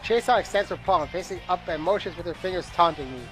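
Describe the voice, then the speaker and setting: A gameplay commentator reads the game's text aloud over music, his voice high and his delivery fast. He sounds weary and bored, tripping up slightly now and then and tossing in asides.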